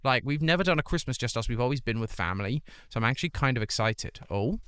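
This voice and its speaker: A man's voice: mid-range voice, expressive, quick pace, fairly bright tone, clean tone, no room sound, clean studio sound. A British man hosting a charity livestream, chatting casually and upbeat while reading out and greeting his viewers. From Britain. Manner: upbeat, reads chat aloud and greets viewers. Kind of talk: casual live-stream chat. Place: home streaming room.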